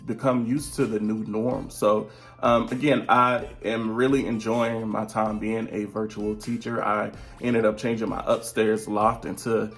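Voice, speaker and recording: A man's voice: lowish voice, little pitch movement, a little slow, fairly bright tone, faint music behind. A man in his thirties talking casually to his viewers from home, chatty, drifting off topic and laughing often mid-sentence. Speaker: vlogger and virtual teacher. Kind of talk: casual vlog update. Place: at home, seated.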